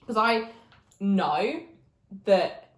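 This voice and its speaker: A young woman, a guest talking casually and thinking out loud. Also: medium pitch, expressive, extremely slow. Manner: chatty, thinks aloud with restarts. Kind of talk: casual chat. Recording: roomy echo.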